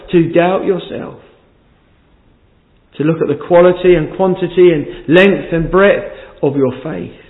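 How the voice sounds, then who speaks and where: Earnest preacher on a tinny recording. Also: male voice, fairly high pitch. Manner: earnest, pleading questions to the congregation; reads scripture in old-fashioned wording. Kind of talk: evening sermon. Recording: tinny narrow-band sermon recording.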